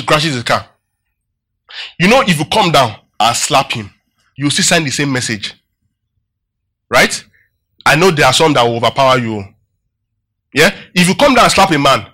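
High, bright-voiced male preacher quizzing his listeners. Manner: asks the congregation questions, repeats phrases for emphasis. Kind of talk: Bible-teaching sermon.

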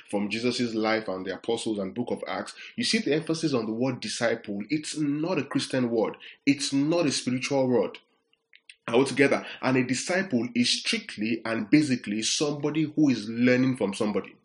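Male preacher teaching with steady repetition. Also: mid-range voice. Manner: repeats "are we together?" to check the audience; explains words slowly, restating points. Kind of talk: sermon teaching.

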